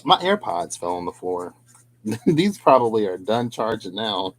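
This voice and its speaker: A man's voice: on the low side, big pitch swings, measured pace, a little hiss or hum, poor audio. A man chatting casually through a tarot reading, rambling, laughing often and talking to himself as he goes. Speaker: tarot card reader.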